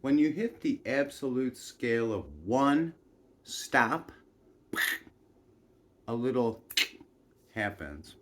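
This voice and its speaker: A man's voice: mid-range voice, animated, slow pace, long pauses. A man telling a meandering personal story in a folksy style, with asides and chuckles.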